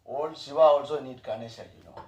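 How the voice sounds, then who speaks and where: Gravelly man teaching in broken English. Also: medium pitch, fairly quick, far from the mic. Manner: broken English, repetitive, animated bursts. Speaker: spiritual teacher. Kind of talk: informal spiritual talk. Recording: echoey room, voice off-mic.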